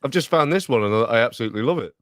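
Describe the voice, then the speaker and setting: A man co-hosting a podcast pre-show, casually talking through software settings with lots of ums and easy laughter. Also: medium pitch, lively intonation, very fast, no room sound, clean studio sound. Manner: laughs easily, explains tech with many ums. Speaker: podcast co-host.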